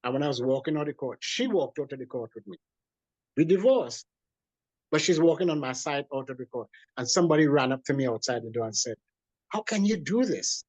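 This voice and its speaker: A man, a guest in an interview, telling a personal story in an animated way with many restarts. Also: medium pitch, quick pace, no echo. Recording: dull lo-fi dry sound.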